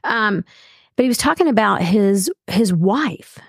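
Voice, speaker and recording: A woman's voice: mid-range voice, animated, unhurried, slightly rough, no room sound, clean studio sound. A woman co-hosting a podcast, talking in a chatty, heartfelt way with plenty of fillers. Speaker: podcast co-host. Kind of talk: casual chat.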